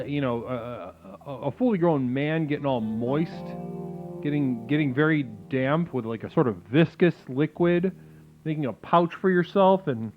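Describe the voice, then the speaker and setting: A man hosting a comedic new-age call-in stream, talking in a soothing spiritual-guru patter. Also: on the high side. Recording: phone-like lo-fi with faint music.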